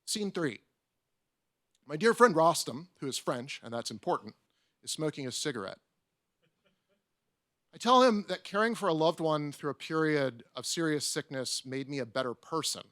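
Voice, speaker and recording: A man's voice: a little high, animated, normal speed, long pauses, a bit bright, dry recording, studio quality. A man, an academic panelist, reading a prepared talk aloud with wry, self-mocking asides. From United States. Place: conference room.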